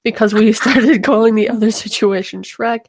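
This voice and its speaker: A woman's voice: a little high, steady tone, normal speed, slight background noise. A young woman co-hosting a podcast, playful and teasing in casual chat. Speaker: podcast co-host.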